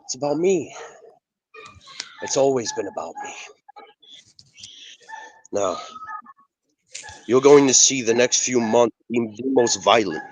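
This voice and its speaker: A man cutting a wrestling promo over a video call, intense and full of swagger. His voice sits at an ordinary pitch and sounds dry and close, with no room around it. He swears freely and climbs into shouted boasts. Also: lively intonation, slow pace, pauses often, dry recording, poor audio. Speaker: pro wrestler guest.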